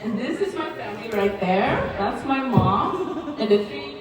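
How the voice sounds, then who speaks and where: A young woman with a fairly high, expressive voice speaks unhurriedly as she delivers an emotional birthday speech for her cousin, nervous, teary and laughing between words. The distant mic picks up hall echo and the surrounding party crowd.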